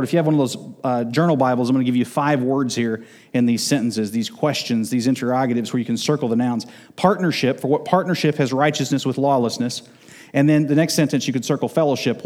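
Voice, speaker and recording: A man preaching in a church, his voice sitting a little high for a man. He drives his points home by repeating words and slowing down on the key phrases. A long reverb from the big hall trails after every line. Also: a little mellow. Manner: emphatic, repeats words for emphasis. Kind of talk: expository sermon.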